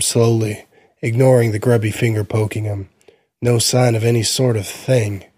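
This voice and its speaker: A man reads a short story aloud in a measured, even delivery. His voice sits on the low side. The sound is close and dry, with no room around it. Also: no room sound. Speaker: narrator. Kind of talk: scripted fiction reading.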